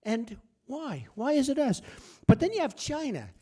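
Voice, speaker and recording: Boastful man, lively sing-song speech. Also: extremely high pitch, normal speed, husky. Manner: boastful, repetitive, punchy short phrases. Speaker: guest speaker at a press luncheon. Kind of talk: speech delivered as casual anecdotes. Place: hall at a press club luncheon.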